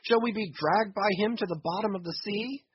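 A man voicing a devout ship's mate desperately pleading with his captain, husky-voiced. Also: sits high, brisk, highs cut off, noisy background, voice pushed up, natural voice. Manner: impassioned pleading, rhetorical questions.

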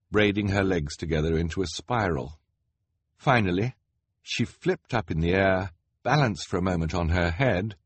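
A man narrating an audiobook in a wry, expressive way. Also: deep voice, husky, dry recording.

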